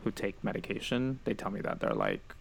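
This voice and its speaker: A man hosting a casual podcast chat, telling stories and quoting his family lively. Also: on the low side, brisk, gravelly, a little hiss or hum. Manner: storytelling, animated quoting of family. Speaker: podcast host.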